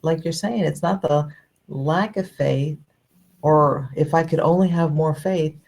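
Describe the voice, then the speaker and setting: A woman with a very deep, gravelly voice muses thoughtfully in a casual faith podcast chat. She talks loosely, with many fillers. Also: unhurried, a little mellow. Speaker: podcast co-host.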